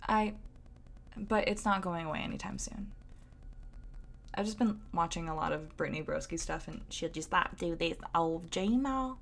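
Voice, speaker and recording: A young woman from the Southern United States, with a Southern accent, chats and giggles casually while streaming a game, using lots of "like" fillers. Her voice is on the low side and creaky, at a normal speed with frequent pauses. A little hiss or hum is audible.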